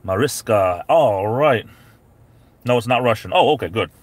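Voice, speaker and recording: A man's voice: medium pitch, expressive, moderate pace, dry recording. A man hosting a casual live stream from his parked SUV, rambling on and greeting viewers by name. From New England.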